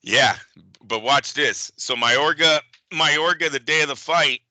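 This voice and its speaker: Male co-host for a boxing chat, bright forceful tone, dry close sound, lively storyteller who swears. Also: on the high side, a little slow, no room sound. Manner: animated storyteller, mimics people, swears freely. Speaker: podcast co-host. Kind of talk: casual chat.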